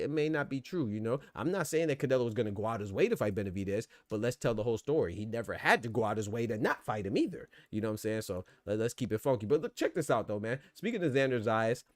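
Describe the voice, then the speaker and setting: A man's voice: mid-range voice, no echo, studio quality. Slangy man hosting a boxing podcast. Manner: slangy, loose and conversational, reacting to chat. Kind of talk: casual podcast commentary reading live chat.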